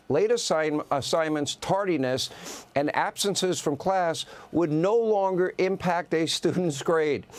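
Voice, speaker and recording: Sarcastic male opinion host. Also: fairly high pitch. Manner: sarcastic, punchy lists of complaints. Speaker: news host. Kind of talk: opinion monologue.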